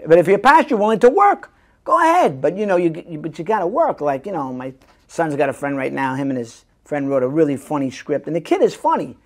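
An older man talks as an interview guest, spinning anecdotes with a lively, swinging pitch. He slips into the voices of the people he quotes as he tells his stories. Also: a little fast. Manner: animated storyteller who acts out quoted voices. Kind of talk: casual interview chat.

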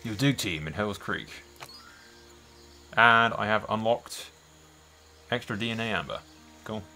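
A man's voice: fairly low pitch, unhurried, pushed and bright, faint music behind. A man doing casual let's-play commentary, thinking aloud and swearing often. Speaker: gameplay host.

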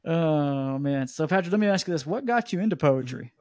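Male podcast host, fairly high voice, rambling casual delivery, dry close mic. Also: fairly quick, no room sound. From Georgia, USA. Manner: rambling, animated storytelling.

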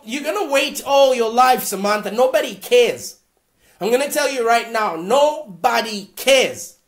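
A woman with a high voice hosts a live Q&A advice show. She speaks bluntly and with force, often pushing her voice close to a shout. She keeps checking in with her listeners. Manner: blunt, emphatic, often raising voice to a near shout; keeps checking in with "all right?". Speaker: host.

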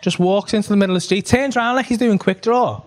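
A man with a Liverpool accent doing stand-up, telling a long story in an animated, swearing way and acting out the people in it, on a comedy club stage. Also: sits high, quick pace.

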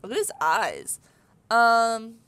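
A young woman commentating on a video game as she plays, chatty and excitable, talking into a desk mic. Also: on the high side, slow pace, smooth. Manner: excitable, chatty, reads game dialogue aloud. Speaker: let's play host. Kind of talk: casual gameplay commentary.

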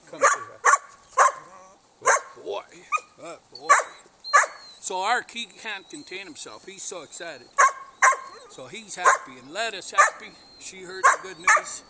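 Man, unhurried drawl, slightly high voice, outdoor vlog, noisy background with barking dogs. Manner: calls and coaxes dogs in between talking to the camera. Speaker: dog breeder. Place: outdoors at a kennel in light snow.

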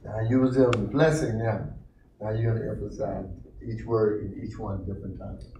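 Man, pastor, animated, calls on listeners, echoey room, faint noise. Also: on the low side, moderate pace. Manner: animated, encouraging, calls on the congregation. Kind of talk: interactive Bible teaching. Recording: roomy church room, mic at a distance, faint noise.

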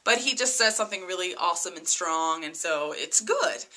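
A woman vlogger recapping a TV episode in a casual, excitable way, full of "like" and "you know". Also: on the low side, moderate pace. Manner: chatty, lots of "like" and "you know" fillers; excitable, gushing.

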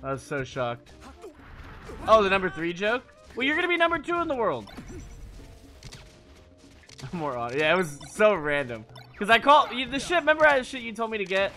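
A man's voice: high voice, sing-song, moderate pace, long pauses, pushed and bright, faint music behind. A man streaming live in casual chat, profane and teasing, laughing often between lines.

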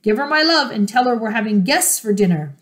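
A woman's voice: a little high, brisk, close to an everyday voice. A woman voicing Mister Fox, a proud and bossy male fox father, in a storybook read-aloud, exclaiming and giving orders. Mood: gleeful. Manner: exclaiming, lively, commanding.

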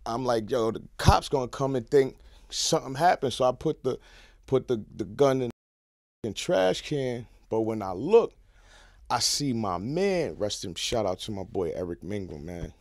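Animated New man telling a story. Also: medium pitch, normal speed, no room sound, clean studio sound. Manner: animated, swings from hushed to shouting. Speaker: guest. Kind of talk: casual storytelling. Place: podcast studio.

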